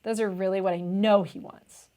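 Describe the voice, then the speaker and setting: A woman's voice: mid-range voice, steady tone, normal speed, dark tone. A young woman tutor explaining test questions in a chatty, casual way, often saying "vibe" and "like".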